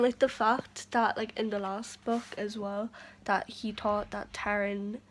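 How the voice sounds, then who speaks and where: A young woman talking through her reading in a casual vlog, gushing and excitable. She fills her sentences with "like" and rushes from one reaction to the next. Her pitch sits in a middling range. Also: slight background noise, low-quality recording. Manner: gushing, excitable, filler-heavy chatter. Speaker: book vlogger. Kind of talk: casual reading vlog with read-aloud passages.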